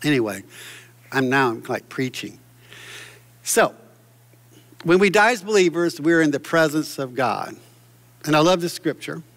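A man's voice: on the high side, animated, normal speed, long pauses, fairly bright tone, long reverb tail. A man preaching a sermon from a church stage, fervent and exclamatory, often restarting his sentences. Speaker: pastor.

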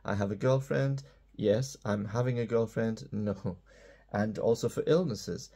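A man's voice: on the low side, unhurried, vocal fry, mellow, slightly rough. A man teaching an English grammar lesson, explaining tenses and often checking in with "okay?".

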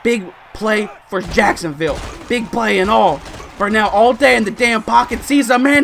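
A young man giving excited, animated commentary over his own football video game, exclaiming and groaning at each play. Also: sits high, moderate pace, creaky, soft background music. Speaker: gaming YouTuber.

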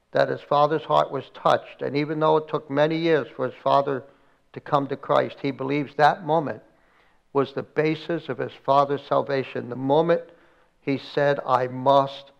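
This middle-aged pastor speaks at normal speed in a mid-range, steady voice with some vocal fry, captured in lo-fi sound. Preaching in church for an online service, he dramatizes his stories and performs quoted prayers with mounting intensity.

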